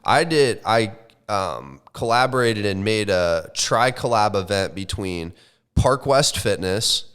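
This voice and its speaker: Young man, lowish voice, loose swearing podcast storyteller, animated. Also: takes it slowly, smooth. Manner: animated, swears often, says like and bro. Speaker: podcast co-host. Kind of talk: casual storytelling chat.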